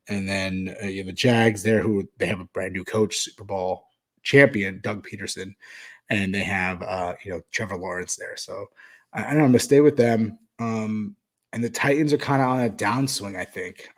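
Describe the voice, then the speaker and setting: A man's voice: lowish voice, normal speed. A man hosting a podcast, talking casually through his sports betting picks with frequent fillers and restarts. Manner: rambling, hesitant with many fillers. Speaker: podcast host.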